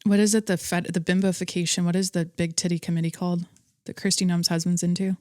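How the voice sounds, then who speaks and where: A woman's voice: lowish voice, fast talker, no room sound, clean studio sound. Blunt, profane woman podcast host. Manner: blunt, profane, animated storytelling. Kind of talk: casual monologue.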